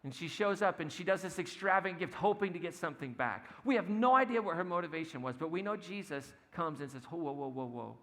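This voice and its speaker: A man's voice: high voice, lively intonation, quick pace, hardly any pauses, bright, forceful tone, long reverb tail. A man preaching a sermon in a church, telling a story conversationally, acting out the quotes and laughing now and then. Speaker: pastor. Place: church sanctuary.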